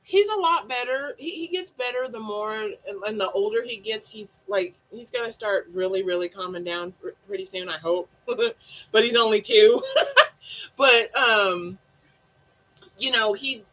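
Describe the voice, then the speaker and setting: Woman host, high bright voice, bubbly and giggly, animated delivery. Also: unhurried. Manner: bubbly, laughs often, does silly voices. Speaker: livestream host. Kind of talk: casual chat.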